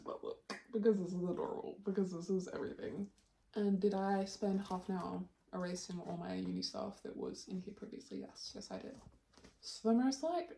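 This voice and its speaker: A woman's voice: medium pitch, dark tone. A young woman chatting in a casual home vlog, playful and self-deprecating, swearing casually. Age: young adult. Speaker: vlogger. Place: bedroom at home. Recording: roomy home recording, mic at a distance, clear background noise.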